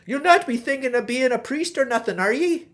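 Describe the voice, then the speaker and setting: A gruff, mocking old troll of a man with a lilt, blunt and loud, as a woman puts him on. He speaks in a comic storybook telling. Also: high voice, lively intonation, fairly quick.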